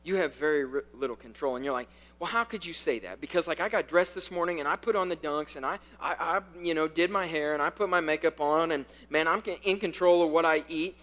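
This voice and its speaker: Youth pastor guy preaching, high bright voice, gets loud and fast then drops way down quiet, says stuff twice for punch. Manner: repeats key lines for emphasis. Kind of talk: sermon.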